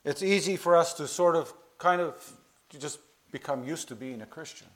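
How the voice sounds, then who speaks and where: A man's voice: a little high, normal speed. Earnest male preacher, rising emphasis. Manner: earnest preaching, swelling louder on key phrases. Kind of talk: sermon.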